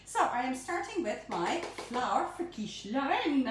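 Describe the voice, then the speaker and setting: A middle-aged woman chatting bubbly and animated as she hosts a live baking demonstration from her home kitchen. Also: high-pitched, a little slow, noisy background. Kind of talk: live-streamed cooking demonstration. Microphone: phone camera held by a helper at a distance. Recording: echoey room, phone mic from far off.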